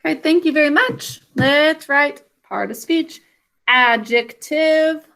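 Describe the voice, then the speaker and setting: Slow, bright-voiced woman teacher. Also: high voice. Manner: slow, clear enunciation for children. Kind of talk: online spelling lesson.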